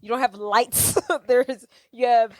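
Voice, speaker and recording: Mujer de voz aguda y seca, podcast informal. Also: female voice, fairly high pitch, steady tone, slow pace, a little mellow, no echo. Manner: blunt, profane, acts out movie quotes. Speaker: podcast co-host. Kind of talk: casual chat.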